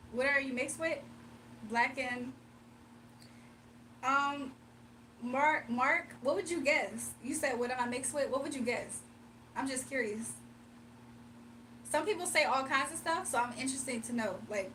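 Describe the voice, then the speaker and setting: A young woman with a high, bright voice chats casually on a livestream, playful and teasing, laughing between comments. She sits a little back from the mic, with faint noise behind her. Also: unhurried, pauses often, far from the mic. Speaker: livestream host.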